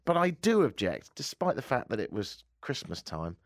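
A man from the United Kingdom hosts a casual radio chat show, dropping wry, self-mocking asides. His pitch swings widely as he talks. The sound is dry and close, with no room echo. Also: very animated, normal speed. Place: radio studio. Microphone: studio microphone.

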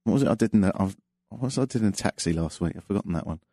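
A man's voice: fairly low pitch, expressive, racing, gravelly, dark tone, breathy edge, dry recording. A man hosting a call-in radio show, telling stories and jokes in a dry, self-mocking way. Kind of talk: casual monologue with jokes.

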